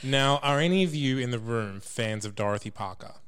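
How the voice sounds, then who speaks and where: A man's voice: mid-range voice, expressive, a little fast, fairly bright tone. A man in a casual chat about musicals, informative and steering the conversation.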